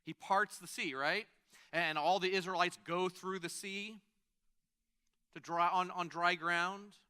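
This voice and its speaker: A man's voice: high voice, steady tone, unhurried, pushed and bright, smooth. A man preaching a sermon in a conversational way, stopping to restart phrases and add asides. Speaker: pastor.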